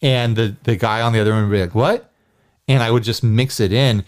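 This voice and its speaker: A man's voice: lowish voice, fast talker, clean tone. A man co-hosting a casual podcast, telling stories and acting out phone calls in voices. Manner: animated storytelling, acts out phone calls. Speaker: podcast co-host. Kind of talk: casual chat.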